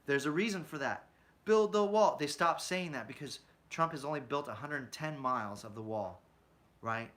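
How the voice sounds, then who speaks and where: Channel host, male, bright tense tone, ranty political commentary full of rhetorical questions. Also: mid-range voice, normal speed. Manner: ranting, asks rhetorical questions, often adds "right?"; mocks opponents with put-on quotes.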